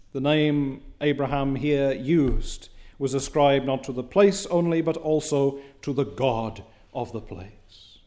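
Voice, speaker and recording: A man preaching a sermon, reading scripture in old biblical wording, with emphatic rises and quiet drops. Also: medium pitch.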